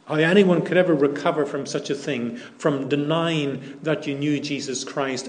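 Slow, emphatic preaching man. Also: on the high side, darkish tone. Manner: deliberate, repeats key phrases for emphasis. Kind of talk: sermon. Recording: echoey room.

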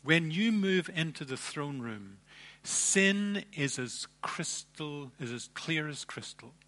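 A man preaching a sermon, emphatic, with dramatic pauses and repeated phrases. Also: a little high, lively intonation, fairly bright tone. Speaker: pastor.

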